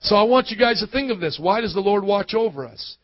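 A male pastor giving a sermon, talking conversationally and building up to loud preaching. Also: sits high, expressive, brisk, no room sound, highs cut off.

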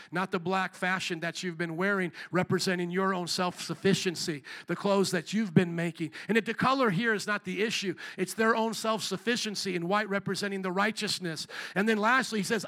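A man preaching a sermon as pastor, asking the congregation questions and acting out quoted dialogue with animated swings in pitch and loudness. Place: church.

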